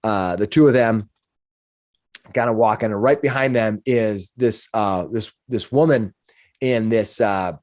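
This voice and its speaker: A man narrating as game master of a tabletop game, talking in halting bursts with many restarts. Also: lowish voice, darkish tone, no echo, studio quality.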